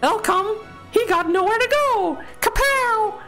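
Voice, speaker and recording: A shrill, squealing young girl, as a man puts her on in falsetto, hyperactive and mocking. Her voice leaps wildly up and down as she teases, all glee and cheek. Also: animated, slow, pushed and bright, soft background music, exaggerated voice. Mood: gleeful. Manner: gleeful, mocking.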